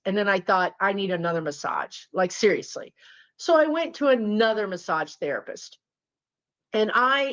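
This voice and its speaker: A woman's voice: mid-range voice, a bit bright. Woman, spiritual teacher type, casual storyteller to camera, mid-range voice, slightly dull lo-fi audio. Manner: chatty, talks to viewers directly.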